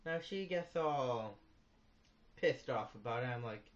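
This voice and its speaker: A teenage boy performing a stand-up comedy routine with a boastful, deadpan delivery and slangy asides, recorded on a phone. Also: mid-range voice, measured pace, long pauses, dull audio. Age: late teens. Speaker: student comic. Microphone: phone camera in the audience.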